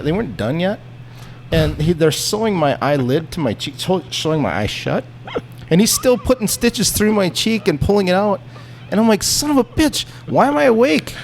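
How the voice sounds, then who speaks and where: A man telling a story in a casual podcast chat, animated and profane, acting out the people in it. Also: on the high side, normal speed, creaky, slight background noise. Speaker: podcast guest.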